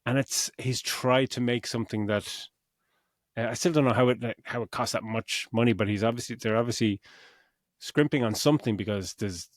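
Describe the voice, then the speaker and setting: A man's voice: mid-range voice, normal speed, no room sound, studio quality. A middle-aged man co-hosting a podcast, rambling through a casual film review, swearing freely and acting out his own reactions. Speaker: podcast co-host.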